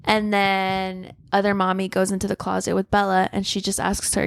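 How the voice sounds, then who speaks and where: A woman's voice: mid-range voice, level tone, normal speed, gravelly, no echo. A woman co-hosting a book podcast in casual chat, retelling the plot, swearing casually and laughing often. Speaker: podcast co-host.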